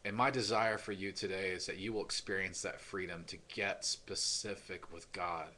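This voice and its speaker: A man's voice: low-pitched, steady tone, normal speed, sharp tone. A man, a pastor, retelling a story in an earnest, dramatic sermon and acting out the voices.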